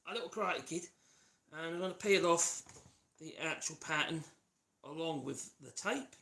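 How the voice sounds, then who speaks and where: A man's voice: on the high side, normal speed, vocal fry, pushed and bright. A man with a Norfolk accent, hosting a live woodworking stream, chatting loosely and humming to himself while he works. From Norfolk, East of England. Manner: rambling, hums and chats while working. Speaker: woodworking channel host. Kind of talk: casual live workshop demonstration. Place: home workshop. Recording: noisy workshop livestream. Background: sanding and tool noise.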